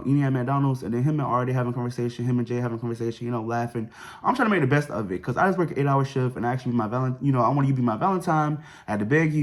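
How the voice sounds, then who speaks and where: Fast-talking young man telling a story. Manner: chatty, slangy, fillers like boom and whatever. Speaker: vlogger. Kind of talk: casual storytime.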